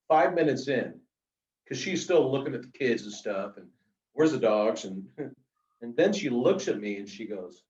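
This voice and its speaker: A middle-aged man telling anecdotes in a casual, animated way, full of fillers, as an author being interviewed. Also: mid-range voice. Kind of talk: casual storytelling. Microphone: video call. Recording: roomy, distant, dull video call audio.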